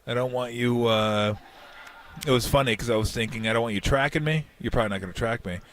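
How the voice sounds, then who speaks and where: A man's voice: medium pitch, quick pace, a little hiss or hum. A man in his fifties co-hosting a sports radio show, telling a story in casual banter and acting out the quotes. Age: 50s. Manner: animated storyteller, repeats himself, acts out quotes. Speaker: radio co-host. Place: convention hall radio row booth.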